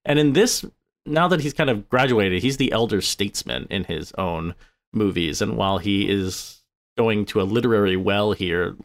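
A man's voice: on the low side, moderate pace. A man co-hosting a podcast, chatting casually and with animation about films, joking as he goes. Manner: animated, jokey, drops into a mock accent. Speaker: podcast co-host, film critic. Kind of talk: casual film chat.

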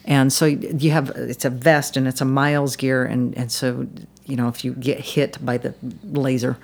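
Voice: medium pitch, little pitch movement, normal speed, creaky. Rambling podcast guest telling a story. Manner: rambling, many restarts and "you know"s. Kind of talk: casual storytelling interview.

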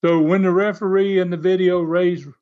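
A man telling stories in a casual, animated way, laughing often and acting out what others said. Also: high voice, normal speed. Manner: animated, laughs often, acts out quoted voices. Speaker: guest recounting wrestling TV history. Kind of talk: casual storytelling. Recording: muffled lo-fi audio.

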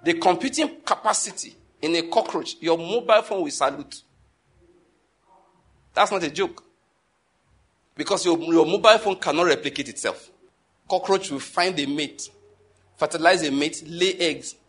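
A man with a notably high voice delivers a sermon, driving his points home by repeating them. He peppers the listener with rhetorical questions and swings between hushed and forceful delivery. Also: normal speed, pauses often, slightly rough. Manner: emphatic, repeats key phrases, asks the audience rhetorical questions; wide swings in loudness between calm and forceful. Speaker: preacher.

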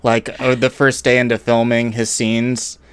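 Male host, smooth lowish voice, laid-back questions, dry close sound. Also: monotone, a little slow, fairly bright tone, no echo. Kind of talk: casual podcast chat.

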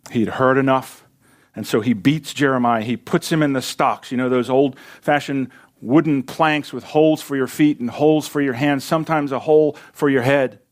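A man preaching from the pulpit. He talks to the congregation in a folksy, conversational way, with a mid-range voice. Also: medium pitch. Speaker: pastor. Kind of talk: sermon.

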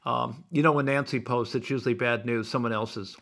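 Gravelly guy in his 60s rambling on his podcast, keeps going off on tangents. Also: mid-range voice, steady tone, a little fast, a bit bright. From Iowa, USA. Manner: digressive, wry asides. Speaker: podcast host. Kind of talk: casual rambling monologue.

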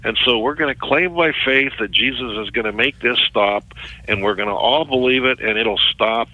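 A middle-aged man, a ministry worker, recounting a story as an interview guest in a halting way, often repeating words. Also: mid-range voice, no echo, phone-quality sound.

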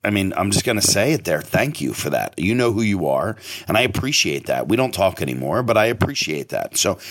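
A middle-aged man, a restaurant owner, telling a long story in a casual, emphatic way and swearing now and then. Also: on the low side. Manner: animated, emphatic, profane storyteller with sudden loud bursts. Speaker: restaurant owner and podcast host.

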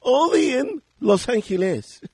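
A man co-hosting a podcast, telling a story in a casual, animated way, laughing often and shouting out the lines he quotes. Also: very high voice, takes it slowly, breathy edge, no room sound. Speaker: podcast co-host.

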